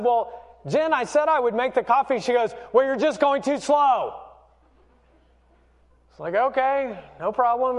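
A pastor in his forties tells a family story in a conversational sermon, asking the congregation for a show of hands. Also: sits high. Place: church sanctuary. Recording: long hall reverb.

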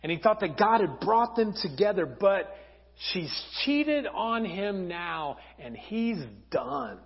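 Animated pastor preaching in an echoey church. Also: male voice, sits high, takes it slowly, husky. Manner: lively storytelling with acted voices. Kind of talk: sermon. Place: church hall. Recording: dull sound, long church reverb.

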